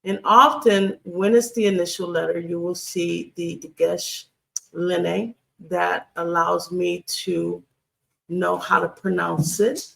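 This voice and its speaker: A Hebrew grammar instructor teaching a screen-share lesson, deliberate and repeating key phrases with frequent ums. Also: mid-range voice, little pitch movement, vocal fry, fairly bright tone.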